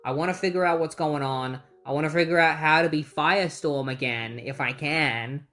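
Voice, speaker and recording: A narrator voicing a stubborn, wounded young man, speaking softly. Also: mid-range voice, moderate pace, close to an everyday voice. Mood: hurt.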